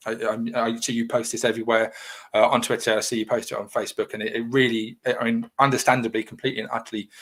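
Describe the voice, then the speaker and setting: A man's voice: medium pitch, a bit bright. A man hosting a casual livestream, reading viewer comments and talking in a rambling, reassuring, chatty way. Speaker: livestream host.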